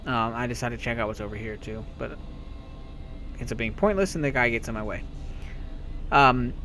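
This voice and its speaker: A man's voice: medium pitch, a little fast, pushed and bright, slight background noise. A man giving a playful, sarcastic voice-over commentary on a video game. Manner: sarcastic, self-mocking, playful. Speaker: let's-play commentator.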